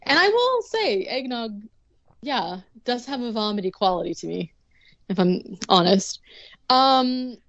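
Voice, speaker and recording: A woman's voice: fairly high pitch, very animated, unhurried, dry recording, dull audio. A woman co-hosting a podcast, recapping a movie plot in casual chat, with lots of ums and likes. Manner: rambling, full of ums and likes, bursts into bubbly impressions. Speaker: podcast co-host.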